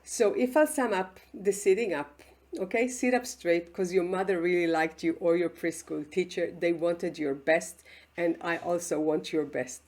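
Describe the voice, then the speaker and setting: A woman's voice: lowish voice, fairly even intonation, normal speed, a little mellow. Emphatic Israeli woman teaching to camera. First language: Hebrew. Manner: emphatic, frequent "okay?" check-ins, acts out examples. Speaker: public speaking mentor. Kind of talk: online lesson to camera.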